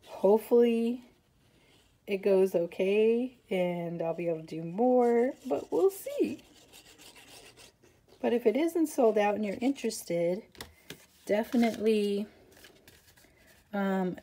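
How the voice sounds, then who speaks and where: A woman's voice: medium pitch, a little slow, warm tone. A woman hosting a casual papercraft tutorial, chatty and rambling, with self-deprecating asides as she works.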